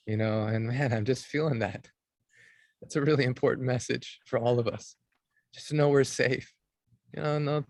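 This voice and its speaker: A male host answers a speaker on a group video call in an affirming way, repeating phrases and laughing often. His voice sits at a middle pitch. The sound is dry and close. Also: no echo. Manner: affirming, repetitive, quick to laugh. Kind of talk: supportive group-call response.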